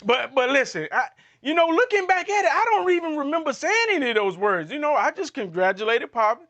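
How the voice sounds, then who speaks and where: A man chatting as an esports analyst, animated and full of slangy trash talk. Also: very high voice, fairly quick. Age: adult man. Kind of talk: casual esports desk chat.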